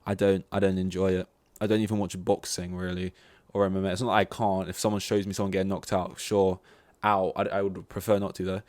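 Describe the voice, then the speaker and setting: A man's voice: sits low, flat delivery, brisk, a little mellow, no room sound. A young man hosting a solo podcast, ranting in a rambling, exasperated way and swearing often. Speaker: podcast host.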